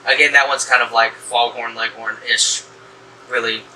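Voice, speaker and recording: A man from the American South talks through a movie in a casual, rambling way, full of "um" and restarts. His tone is very bright and he sits a little back from the mic. A faint hum of the room sits under his voice. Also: medium pitch, level tone, normal speed, recorded from a distance, poor audio. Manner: rambling, many fillers and restarts. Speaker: horror movie reviewer, host. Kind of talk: casual movie review chat.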